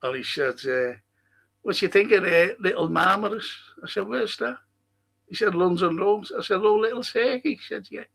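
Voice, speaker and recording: A man's voice: high voice, normal speed, vocal fry, fairly bright tone, breathy edge. A man with a Liverpool accent hosting a fan stream, rambling through viewer comments, swearing freely and laughing at his own stories. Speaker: host of a fan live stream. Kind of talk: casual chat reading viewer comments.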